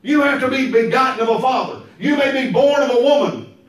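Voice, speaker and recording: A man preaching a sermon, emphatic and repetitive, now and then breaking into shouts. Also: very high voice, brisk. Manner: emphatic, repeats phrases, bursts into shouts. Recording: very echoey room, mic far off.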